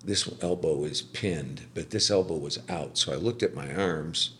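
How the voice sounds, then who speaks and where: A middle-aged man, a podcast guest, giving a personal faith testimony in casual conversation, telling it as an animated storyteller. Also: very deep voice, moderate pace, slightly rough. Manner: animated storyteller, acts out quoted speech.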